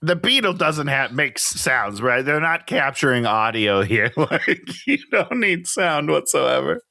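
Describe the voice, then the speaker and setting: Male podcast co-host, mid-pitched bright voice, dry sound, animated and quick to laugh. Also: vocal fry, no echo. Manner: animated, laughs often, incredulous commentary. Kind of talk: casual chat reviewing a movie.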